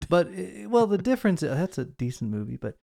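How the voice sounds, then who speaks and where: A man's voice: high-pitched, very animated, a little fast, gravelly, mellow, no room sound, studio quality. A man co-hosting a podcast, talking through a movie in a rambling, casual way with lots of asides. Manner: chatty, rambling with fillers and asides. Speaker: podcast co-host.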